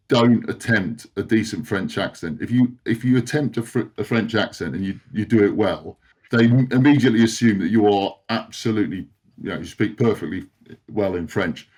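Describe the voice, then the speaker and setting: A man in his forties, a guest on a chat podcast, telling long self-deprecating stories and laughing often. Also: lowish voice. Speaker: podcast guest, former rugby player. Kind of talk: casual anecdotal chat.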